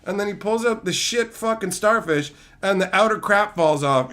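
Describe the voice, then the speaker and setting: A man's voice: high-pitched, normal speed, few pauses. A man streaming live, chatting with viewers and ranting with a lot of swearing. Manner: profane, animated ranting; answers viewer chat. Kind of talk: casual livestream chat.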